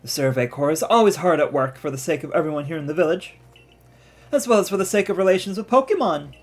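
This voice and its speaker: Streamer putting on a stiff, failing British-ish voice for a game NPC. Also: male voice, fairly high pitch, expressive, fast. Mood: mock-formal. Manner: overdone, faltering mock British accent. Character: game villager read in a shaky mock British voice.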